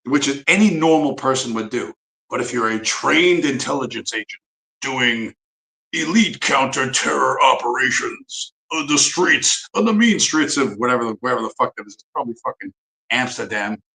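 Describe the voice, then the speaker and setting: A man talks on his livestream in a loose, profane rant full of sarcasm and restarts. His voice sits at a middle pitch, and the room gives it a noticeable echo. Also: animated, normal speed, creaky, pushed and bright. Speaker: livestream host. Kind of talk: casual ranting commentary.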